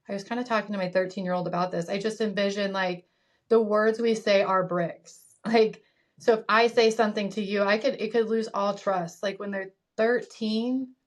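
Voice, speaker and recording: A woman in her thirties co-hosting a casual advice chat. She is reflective and conversational, and her speech is full of "like" fillers. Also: mid-range voice. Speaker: podcast co-host, parent.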